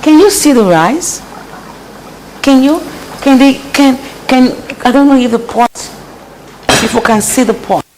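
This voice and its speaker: A woman's voice: high-pitched, animated, unhurried, pauses often, darkish tone, slight background noise, poor audio. A woman hosting a casual cooking vlog in her home kitchen, giving repetitive, preachy advice as she cooks. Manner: preachy, repeats phrases for emphasis. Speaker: host.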